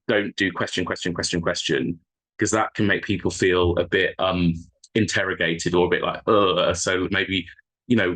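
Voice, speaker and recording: A man from a charity's helpline team, explaining listening and messaging tips in a conversational, halting way with frequent restarts. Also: sits low, a bit bright, rough recording. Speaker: charity helpline staff member.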